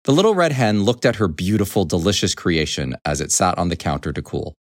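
A man reading a children's storybook aloud in an expressive, animated way. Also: deep voice, fairly quick, no echo, clean studio sound.

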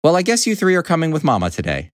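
A man reading a storybook, voicing a fussy, hardworking mother hen in a high, emphatic voice. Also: huge pitch swings, fast talker, no room sound, faint music behind. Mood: chirpy.

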